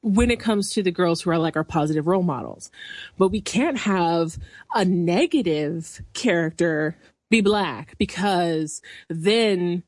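A woman co-hosting a podcast, giving animated, opinionated commentary and laughing often. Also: on the low side, measured pace, no room sound. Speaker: podcast co-host. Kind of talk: casual chat.

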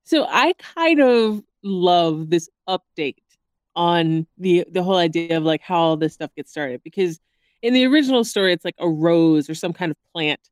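Chatty woman podcast co-host, low voice. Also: moderate pace, dry recording. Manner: chatty, animated, laughs often. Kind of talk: casual chat.

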